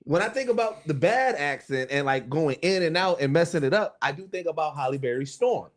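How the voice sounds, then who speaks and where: A man with a high, lively voice, swapping stories on a podcast. He laughs often and slips into other people's voices to act out quotes. His speech swings widely in pitch. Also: fairly quick. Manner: animated, laughing storyteller who acts out quotes. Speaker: podcast co-host. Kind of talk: casual chat.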